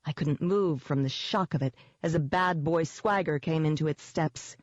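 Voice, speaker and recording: A woman's voice: deep voice, normal speed, no room sound, dull audio. A woman giving first-person scripted narration of an audiobook in a tense, vivid storytelling manner.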